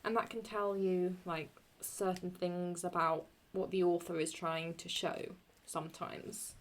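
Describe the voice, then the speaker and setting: Young woman teaching latin poetry, slow and kinda low, keeps stopping to fix herself. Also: level tone. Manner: talks while writing, halting, corrects herself often. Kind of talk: casual classroom explanation.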